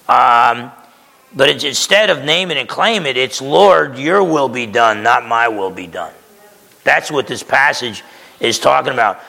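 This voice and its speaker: A man's voice: medium pitch, vocal fry, pushed and bright, big-room sound. A man preaching a sermon as pastor, conversational and emphatic, often checking in with his listeners.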